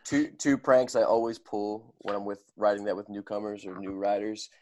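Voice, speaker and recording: A young man co-hosting a casual podcast, telling stories with playful hype and animated bursts. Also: on the low side, moderate pace, slight background noise. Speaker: podcast co-host.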